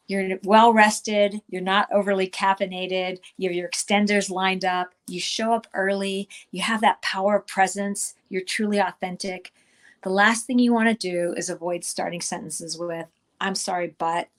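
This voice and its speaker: A middle-aged woman giving a virtual conference talk, speaking conversationally with frequent fillers and restarts. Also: fairly low pitch.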